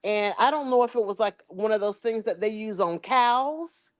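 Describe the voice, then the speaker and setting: A woman's voice: on the high side, normal speed. Lady telling a wild story, acts out everybody's lines, voice jumps all over. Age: adult with children. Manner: animated storyteller, acts out quoted dialogue. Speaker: podcast co-host. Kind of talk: casual storytelling chat.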